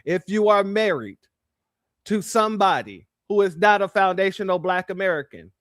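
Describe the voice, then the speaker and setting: A male host delivers reaction commentary in a noticeably high voice, hammering his points through repetition and speaking straight to his audience as family. The sound is dry and close. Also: lively intonation, normal speed, fairly bright tone, dry recording. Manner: emphatic, repeats phrases, addresses viewers as family.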